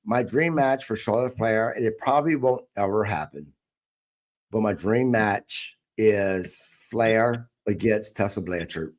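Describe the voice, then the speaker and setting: On a laid-back wrestling podcast, this host speaks at a measured pace in a lowish voice. He puts questions to his co-hosts and also reads ones sent in by listeners.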